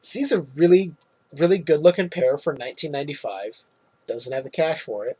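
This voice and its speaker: Husky-voiced man recapping a movie. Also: fairly high pitch, a little fast, rough recording. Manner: loose, swearing, laughs often. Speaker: podcast co-host.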